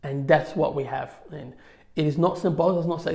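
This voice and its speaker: Guy teaching a church class off slides, kinda high voice, reads verses then riffs on them loosely. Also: fast, vocal fry, a little mellow. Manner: conversational, many fillers, reads scripture aloud. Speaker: religious teacher. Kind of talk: informal slide lecture on scripture.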